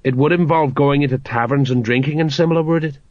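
A man's voice: mid-range voice, lively intonation, unhurried, dry recording. A man voicing a dim, jovial older watch sergeant with a knowing, self-satisfied manner, on a dry, slightly dull recording.

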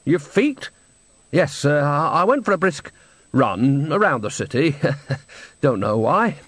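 A man's voice: a little high, sing-song, takes it slowly, fairly bright tone, no room sound, full character voice. A man voicing a flustered man who stammers and hesitates with nervous laughs, in an audiobook. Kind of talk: audiobook character voice.

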